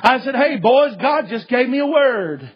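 Male preacher, very high husky voice, folksy storyteller, dull lo-fi recording. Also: animated, unhurried. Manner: folksy, repetitive, many "uh" fillers, rising to shouts. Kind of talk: sermon storytelling.

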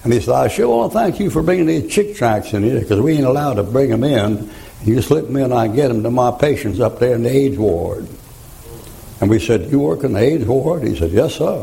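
A man's voice: medium pitch, expressive, brisk, vocal fry, dark tone, poor audio. A man, preaching a folksy, joking sermon and laughing at his own stories.

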